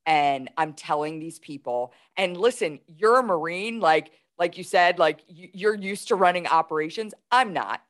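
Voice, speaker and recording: A woman's voice: on the low side, lively intonation, normal speed, few pauses. A woman in her forties, a guest telling a story in casual talk, animatedly retelling events with quoted dialogue. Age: 40s.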